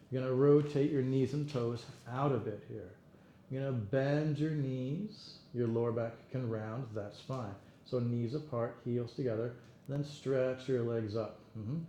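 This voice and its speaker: A man leading an exercise class, counting reps and giving steady encouragement and cues. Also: medium pitch. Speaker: fitness instructor. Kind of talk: guided exercise class cueing. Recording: roomy echo, faint room noise.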